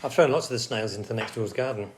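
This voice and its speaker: A man's voice: on the low side, racing, slight background noise. A man bantering with dry humour beside a cooking host and reading out viewer comments. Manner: dry, joking. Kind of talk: casual banter.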